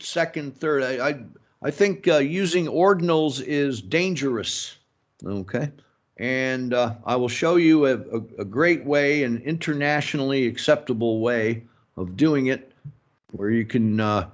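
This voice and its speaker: A man teaching a business English lecture, slow and halting, filling pauses with "mm-hmm" and "okay" and adding opinionated asides. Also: a little high, lo-fi sound. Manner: slow, halting, many fillers and self-talk like "mm-hmm" and "okay". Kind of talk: recorded lecture.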